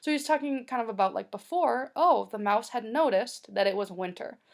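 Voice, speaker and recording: Gravelly-voiced woman teacher, casual. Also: on the high side, normal speed. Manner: casual, filler-heavy explaining. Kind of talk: recorded online lesson.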